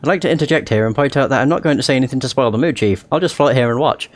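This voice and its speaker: A man's voice: medium pitch, very fast, no echo, close to an everyday voice. A man reading the lines of a wisecracking, sarcastic floating skull from a fantasy game. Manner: chatty, sarcastic.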